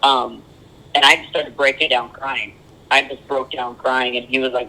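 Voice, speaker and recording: Young man with a bright, forceful voice. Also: medium pitch, little pitch movement, low-quality recording. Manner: earnest, halting with frequent ums. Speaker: podcast guest. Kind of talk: candid personal interview.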